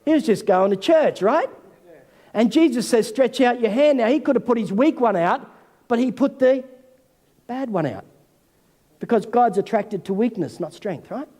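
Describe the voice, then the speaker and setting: A man, senior pastor, preaching a sermon in an animated way and acting out the voices of figures from scripture. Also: extremely high pitch, moderate pace. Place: church hall. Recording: long hall reverb.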